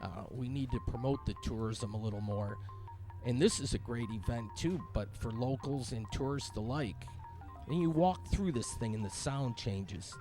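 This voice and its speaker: A man vlogs his walk through a night-time city holiday event outdoors, with live music playing around him. In a medium-pitched voice at normal speed, he gives rambling, upbeat, casual commentary about the local sights.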